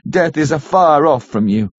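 A man's voice: fairly high pitch, expressive, moderate pace, no room sound, voice pushed up. A man voicing a broken, pleading husband. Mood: grieving. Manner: pleading, faltering, stammering. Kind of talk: audiobook character reading. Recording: dull lo-fi audiobook recording.

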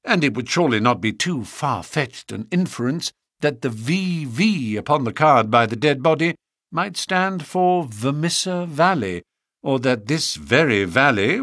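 A man voicing a brilliant gentleman detective who explains things gravely and precisely. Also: mid-range voice, no echo, studio quality.

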